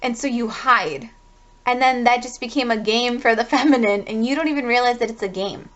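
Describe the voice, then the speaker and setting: Woman doing a rambly tarot reading, kinda high voice, muffled lo-fi audio. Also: brisk, fairly bright tone. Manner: rambling, full of "like", swears casually. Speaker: tarot reader. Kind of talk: casual spiritual reading.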